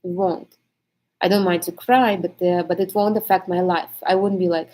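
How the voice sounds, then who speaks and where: Low, mellow-voiced woman coach. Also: steady tone, poor audio. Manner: hesitant, with many pauses and fillers; reflective and reassuring. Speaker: energy coach. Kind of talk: casual spoken monologue.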